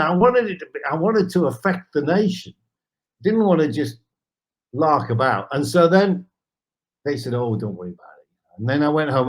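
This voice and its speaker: A man, a guest in an interview, telling an anecdote with animated asides. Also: mid-range voice. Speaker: guest, charity founder. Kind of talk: storytelling in an interview.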